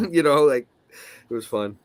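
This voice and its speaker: A man's voice: medium pitch, slow, clear, resonant tone, no room sound. A man with a Boston accent, rambling loosely in casual chat and swearing now and then. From Boston area.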